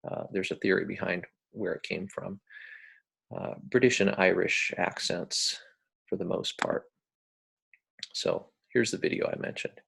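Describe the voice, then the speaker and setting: A middle-aged American man lecturing, hesitant and unhurried, with frequent pauses. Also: deep voice, steady tone, creaky, a bit bright, husky. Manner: hesitant, many fillers and restarts, explains with a metaphor.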